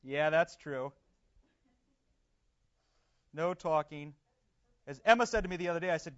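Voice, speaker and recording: A man's voice: fairly high pitch, normal speed, pauses often, fairly bright tone. A man leading a church discussion group, chatty and affirming, laughing often, recorded in a dull lo-fi recording. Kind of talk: casual group teaching.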